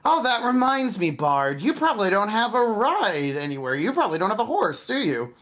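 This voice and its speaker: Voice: mid-range voice, big pitch swings, fairly quick, a bit bright, pitched above the performer's own voice. A game master voicing a friendly, chatty male townsman in a tabletop game.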